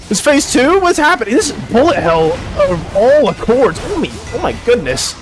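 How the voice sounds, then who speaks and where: A streamer giving excitable live gameplay commentary, swearing and laughing often. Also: medium pitch, moderate pace, few pauses, music in the background.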